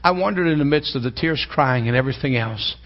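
A man preaching a sermon as pastor, animated and emphatic, building to loud peaks. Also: mid-range voice, fast, lo-fi sound.

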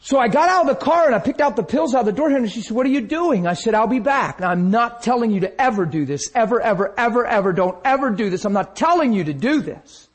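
Male preacher, high voice, animated sermon testimony. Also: fast, few pauses, husky. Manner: animated storytelling, acting out his own crying.

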